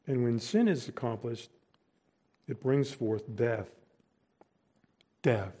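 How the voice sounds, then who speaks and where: A man preaching a sermon, deliberate and emphatic, pausing between short phrases. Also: mid-range voice, lively intonation, dark tone. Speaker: pastor.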